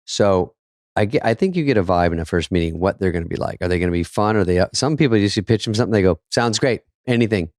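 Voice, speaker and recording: A man's voice: sits low, lively intonation, very fast, darkish tone, no room sound, studio quality. A man co-hosting a casual podcast, telling loose backstage anecdotes. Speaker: podcast co-host.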